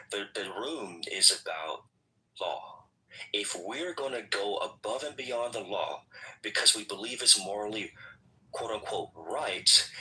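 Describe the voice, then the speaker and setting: A man with a lowish voice and a very bright, forceful tone argues a political point, talking over others and repeating himself. He sounds set back from the microphone. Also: recorded from a distance, rough recording. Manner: interrupts, repeats himself, insists on finishing. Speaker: host of a political discussion room. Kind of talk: heated political debate.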